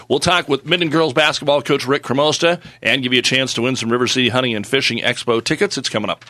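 A man hosting a radio sports show, briskly running through scores, schedules and a sponsor read in the studio. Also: medium pitch, fairly even intonation, bright, forceful tone, no room sound.

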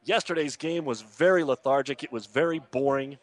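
A man's voice: mid-range voice, fairly quick. A man hosting casual sports radio talk, opinionated and loose with lots of filler words. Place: outdoors at a golf course.

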